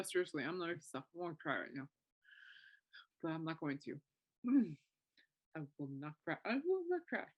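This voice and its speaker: A woman in her thirties hosting a casual solo podcast, rambling and emotional, with many fillers and restarts. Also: deep voice. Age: 30s. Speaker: podcast host.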